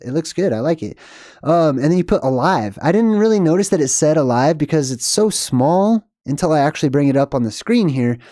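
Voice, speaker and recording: A man's voice: a little high, animated, brisk, mellow, no room sound, studio quality. A young man hosting a live stream, chatting casually and rambling as he reads out viewer comments. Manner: rambling, chatty, laughs at himself.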